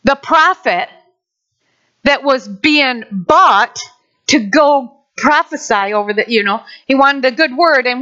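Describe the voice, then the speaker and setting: Lively high-voiced woman pastor preaching. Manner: animated, acts out quick voices. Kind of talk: sermon. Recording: dull lo-fi sound.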